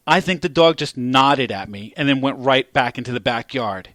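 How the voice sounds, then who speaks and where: A male podcast host spinning a crude anecdote with lots of swearing and animated delivery. His pitch sits in an ordinary middle range. The sound is dry and close, with no room echo. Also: normal speed, hardly any pauses. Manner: profane, animated storyteller who gets loud at climaxes. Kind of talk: casual storytelling chat.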